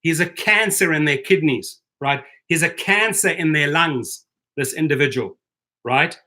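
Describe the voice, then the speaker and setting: Fired-up guy hosting a livestream, sharp forceful voice, kinda high, stumbles and restarts a lot. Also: a little slow. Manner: heated, combative ranting with repeated restarts. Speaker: host of a rideshare driver channel. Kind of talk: livestream commentary reading chat.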